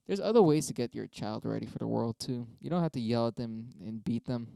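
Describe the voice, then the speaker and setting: A man's voice: mid-range voice, lively intonation, a little fast, gravelly, dark tone, no room sound. A young man talking casually on a stream, arguing both sides of debate prompts with himself in a rambling, profane way. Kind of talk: casual solo monologue.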